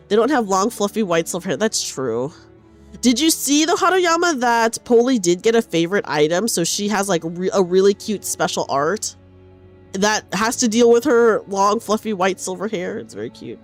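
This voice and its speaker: A woman streamer chatting casually with her viewers during a game, animated and chatty. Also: medium pitch, moderate pace, faint music behind. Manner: animated, chatty, reads chat aloud.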